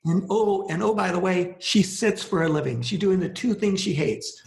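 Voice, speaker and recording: A man with a gravelly, creaky voice tells a story as a podcast guest, animated and conversational. He acts out the lines people said to him. The sound bounces around an echoey room. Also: high-pitched, normal speed. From Los Angeles.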